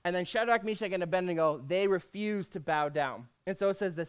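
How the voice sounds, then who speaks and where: A man's voice: sits high, brisk, clean tone. A man preaching in a casual, jokey way, reading scripture aloud between conversational asides.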